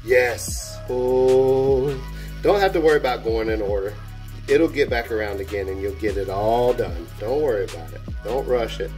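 Man, craft tutorial host, chatty, excitable, faint music behind. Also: medium pitch, normal speed. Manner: enthusiastic, gushing, exclaims while working. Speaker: airbrush artist and channel host.

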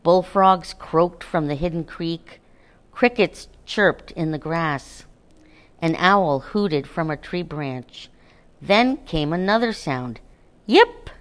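A woman reading a children's chapter book aloud in a calm, gentle, unhurried way. Her voice sits fairly low for a woman. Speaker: narrator. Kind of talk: children's storybook read-aloud.

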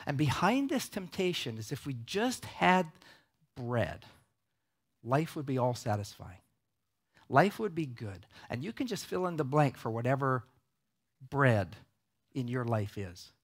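A male pastor delivering a conversational sermon in a cinema auditorium, often checking in with the audience with a quick "right?". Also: mid-range voice, very animated.

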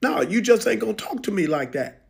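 A proud, defiant pro football star, played by a man, unloads a profane, indignant rant. His voice sits high for a man, and he hits each point hard. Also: sing-song, brisk, vocal fry, full character voice. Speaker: social media rant. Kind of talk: comedic impression monologue.

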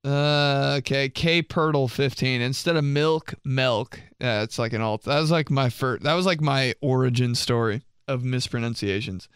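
A man's voice: mid-range voice, moderate pace, hardly any pauses, clean tone, no echo, clean studio sound. A young man reading out viewer messages for a comedy vlog, mock-outraged and swearing, laughing often. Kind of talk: casual comedic commentary.

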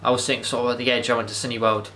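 A man's voice: medium pitch, flat delivery, racing, pushed and bright, slight background noise. A man, rambling enthusiastically through a casual movie review monologue, with frequent restarts and swearing. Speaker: vlogger.

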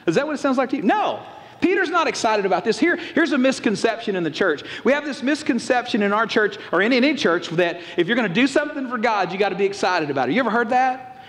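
A pastor preaching a folksy, animated sermon and acting out quotes. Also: male voice, extremely high pitch, quick pace. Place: church auditorium. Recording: long reverb of a large church hall.

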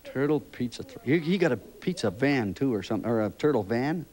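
An older man hosting a children's TV show, gently interviewing young kids in a chatty, rambling, fatherly way. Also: mid-range voice, lively intonation, brisk.

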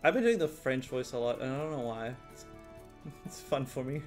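A man giving rambling, swearing, excitable commentary while playing a video game. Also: mid-range voice, normal speed, music in the background. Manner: rambling, excitable, swears often, laughs a lot. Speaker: gaming video host. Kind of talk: let's play commentary.

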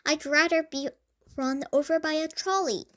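A woman reading aloud and voicing a flustered, clumsy male mouse who edits a newspaper, with squeaky panicked outbursts. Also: moderate pace, warm tone.

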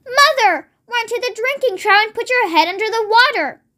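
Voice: very high-pitched, expressive, normal speed, bright, forceful tone, voice pushed up, exaggerated voice. A child reading aloud and voicing a frantic mother who shrieks and wails in panic. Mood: panicky. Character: frantic fussing mother, woman in her forties.

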